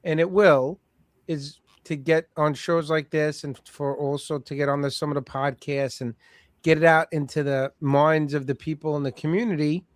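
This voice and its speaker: A male host with a somewhat high voice leads a casual streamed chat. The sound is dry and close, with no room echo. He mostly answers with short agreeing replies. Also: steady tone, moderate pace.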